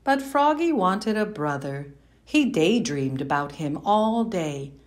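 A woman reading a children's picture book aloud, slow and expressive, with playful sound effects. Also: fairly low pitch. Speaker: storyteller. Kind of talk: children's read-aloud narration.

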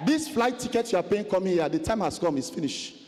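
A man preaching a fiery sermon testimony, chanting and shouting repeated refrains. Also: sits high, expressive, quick pace, noisy background. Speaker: pastor. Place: large conference hall. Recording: long hall reverb.

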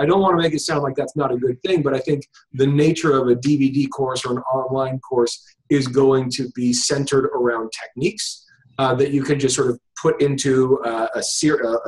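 He teaches hypnosis and is being interviewed over a video call, thinking aloud in a casual way with lots of fillers and restarts. His pitch is medium, and the audio quality is poor.

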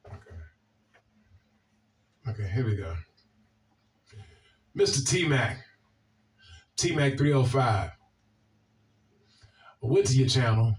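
A man with a Washington, D.C. accent talks bluntly and swears freely while he answers viewer comments, often circling back over the same words. His voice sits a bit back from the microphone at an ordinary, middle pitch. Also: sing-song, takes it slowly, long pauses, far from the mic. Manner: blunt, profane, repeats himself. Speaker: video host.

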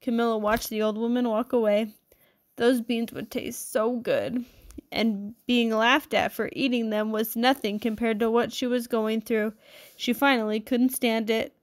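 Woman reading a storybook aloud, slightly high. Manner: expressive, measured storytelling. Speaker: storybook reader. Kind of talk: read-aloud story narration.

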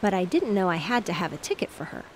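A woman's voice: on the low side, sing-song, fast, slight background noise, poor audio. A woman voicing a polite, curious little girl at play in a bedtime story reading. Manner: polite, questioning.

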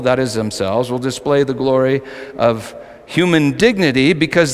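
A male pastor preaching a sermon, swinging between loud, emphatic lines and quiet, low asides. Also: moderate pace. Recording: long hall reverb.

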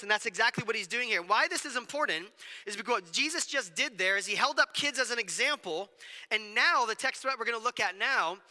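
A man delivering a sermon as pastor, in a conversational, animated way with quick asides. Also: very high voice, long reverb tail. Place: church sanctuary.

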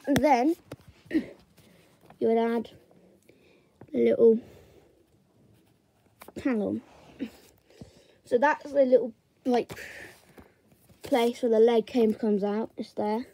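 Slow, mellow-voiced woman teaching drawing. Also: fairly high pitch, fairly even intonation. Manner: slow, chatty step-by-step narration while drawing. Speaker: drawing tutor. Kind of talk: casual drawing tutorial.

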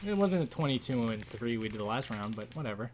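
A man's voice: mid-range voice, animated, quick pace, a little hiss or hum. A young man, live streaming a game and chatting casually with viewers, greeting and teasing them as he reads the chat. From Canada.

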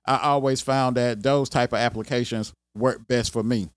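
A man's voice: medium pitch, steady tone, moderate pace, no room sound. Laid-back man with a country accent. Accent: Southern US country. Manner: laid-back, rambling, frequent "you know what I'm saying". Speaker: IT career video host. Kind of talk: casual talk to camera.

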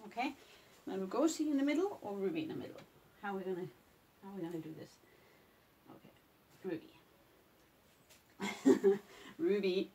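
A woman's voice: mid-range voice, normal speed, pauses often, dark tone. A woman coaxing her cats to pose for a photo shoot at home, repeating names and commands. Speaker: pet photographer. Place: indoor home photo session.

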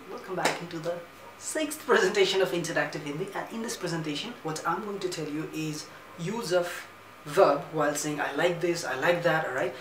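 A man's voice: on the high side, slight background noise. A man teaching a casual online Hindi lesson, chatty and repetitive, with many fillers and example sentences.

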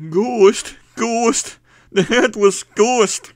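A man's voice: very high voice, steady tone, very slow, no room sound, studio quality, voice pushed up, full character voice. A man voicing a panicky, terrified little drunk barman who shrieks and pleads in a story reading.

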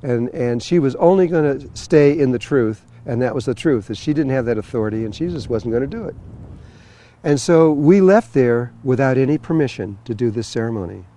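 A man's voice: mid-range voice, expressive, fairly quick, dark tone. A man telling a long personal story to an audience, rambling with many fillers and restarts. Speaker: spiritual teacher telling a story. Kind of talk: storytelling talk.

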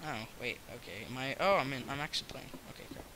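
A young American man rambling and joking through his own Minecraft let's play, yelling in fights. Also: medium pitch, animated, quick pace, heavy background noise. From United States. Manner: rambling, self-mocking, yells during fights. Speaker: gaming YouTuber.

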